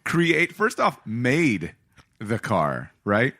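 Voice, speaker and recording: Animated, swearing podcast co-host man. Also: mid-range voice, extremely slow, dry recording, clean studio sound. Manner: animated, swears, slips into joke voices. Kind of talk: casual comic-book chat.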